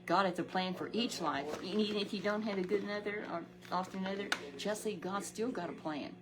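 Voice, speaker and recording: Over music, in a low-quality recording, a woman with a mid-range voice speaks a little fast. She's telling a companion a Sunday Bible story in a homely way, repeating herself, stumbling over words, and letting out homely exclamations.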